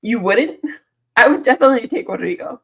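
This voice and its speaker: A woman hosting a football channel runs a casual live stream early in the morning, sleepy and yawning as she reads viewer comments aloud and answers them with frequent laughs. Her voice is on the high side, expressive and brisk.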